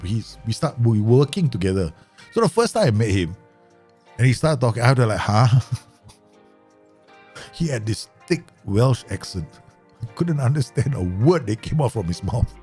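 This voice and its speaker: A man's voice: on the low side, darkish tone. A man giving casual live commentary as he plays a football management game, rambling, swearing and laughing often. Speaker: game streamer.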